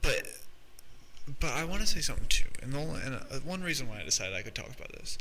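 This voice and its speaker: A man's voice: medium pitch, sing-song, quick pace, bright, forceful tone, a little hiss or hum, low-quality recording. A man hosting a podcast, telling rambling, profane stories and laughing as he goes. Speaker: podcast host. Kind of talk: casual storytelling monologue.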